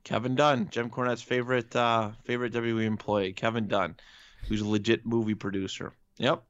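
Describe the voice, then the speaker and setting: A man's voice: mid-range voice, flat delivery, brisk, a bit bright, no room sound. A man in casual chat as a podcast co-host, talking emphatically and firing off rhetorical questions. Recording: dull lo-fi recording.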